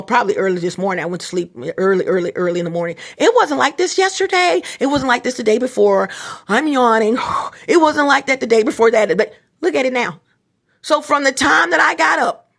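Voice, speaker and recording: A woman's voice: on the high side, a bit bright. A middle-aged woman vlogging in a casual, rambling monologue, repeating herself and talking straight to her viewers. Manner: repetitive, restarts often, talks straight to viewers.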